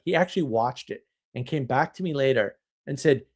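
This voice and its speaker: Animated, opinionated male live-streamer. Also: medium pitch, brisk, hardly any pauses. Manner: animated, opinionated, rambling with restarts. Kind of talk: casual live-stream talk answering chat.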